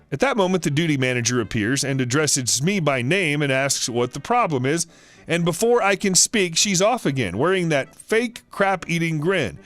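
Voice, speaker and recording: A man narrating a reddit story in a steady storytelling voice. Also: fairly high pitch, normal speed, dry recording, faint music behind.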